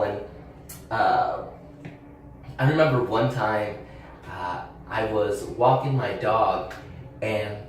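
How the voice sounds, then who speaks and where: A young man talks candidly and in a rambling way, with fillers and restarts, as he hosts his own channel. His voice sits at an ordinary pitch and is picked up from a little way off the mic. The room is very echoey, with faint background hiss. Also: recorded from a distance. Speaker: channel host. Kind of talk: personal storytelling monologue.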